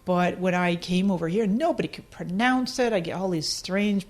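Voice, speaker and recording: Animated Scottish woman telling stories. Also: fairly quick, few pauses. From Scotland. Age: middle-aged. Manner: animated, laughing often, acting out her own past lines in a higher voice. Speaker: podcast guest. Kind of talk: casual storytelling interview.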